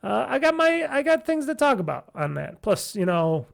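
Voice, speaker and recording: A man's voice: very high voice, sing-song, normal speed. A man hosting a casual solo gaming podcast, talking in a rambling way full of fillers and restarts, with a nasal, stuffy, tired voice. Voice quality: nasal, gravelly. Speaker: podcast host.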